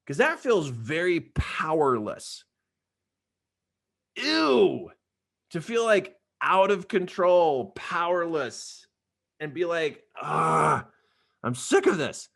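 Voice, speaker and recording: Brief: middle-aged male youth trainer, lively and playful, slightly high, big pitch swings. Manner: animated, playful, talks straight to young viewers. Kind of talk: live online training for kids.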